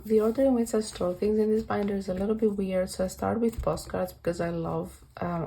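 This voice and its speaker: A woman's medium-pitched voice, gravelly and mellow, sounds a bit worn and fading as she casually tours her binder collection for a vlog. She rambles, fixes her own slips with small laughs, and the poor audio has slight background noise.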